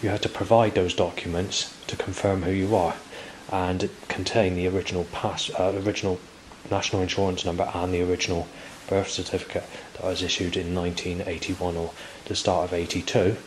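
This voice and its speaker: A man's voice: deep voice, little pitch movement, fairly quick, few pauses, a little hiss or hum, poor audio. A man in his forties, recording a rambling monologue to camera outdoors and circling back over his words. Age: 40s. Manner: rambling, repetitive, with frequent restarts. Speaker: vlogger.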